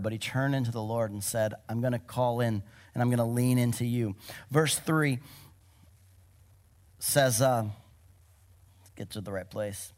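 A middle-aged male pastor preaching a sermon, with emphatic declarations and laughs in between. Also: medium pitch.

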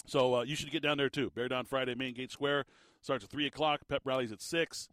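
A man hosting a sports radio show, ranting in an animated, incredulous way with a tired, slightly squeaky voice. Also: fairly quick, no room sound, clean studio sound. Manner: animated, incredulous rants with laughs. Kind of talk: sports talk radio monologue.

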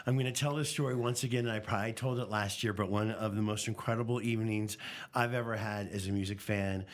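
A man's voice: fairly low pitch, steady tone, quick pace. A middle-aged man hosting a live radio interview, chatty and enthusiastic, rambling with fillers. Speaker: radio host. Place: station listener lounge with live audience.

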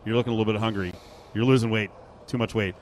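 A man's voice: lowish voice, fairly even intonation, fast, slight background noise. A man hosting a casual sports radio show from a sportsbook, chatting, joking and reading live ads. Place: sportsbook broadcast booth.

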